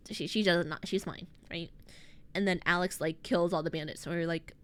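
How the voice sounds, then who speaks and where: A woman streaming as a VTuber, recapping a story to her chat in a rambling, animated way, full of fillers and internet slang. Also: fairly low pitch, moderate pace, smooth.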